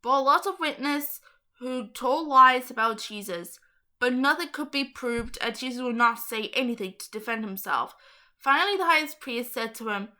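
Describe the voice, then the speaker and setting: A woman's voice: sits high, lively intonation, normal speed, pushed and bright. A young woman reading a Bible story aloud, stumbling over hard names and adding chatty asides.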